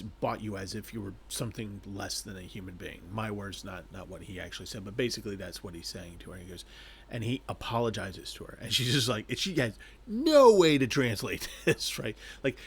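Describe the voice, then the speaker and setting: A man casually reviewing an anime, talking in an animated, rambling way and chuckling between thoughts. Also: on the low side, a little hiss or hum.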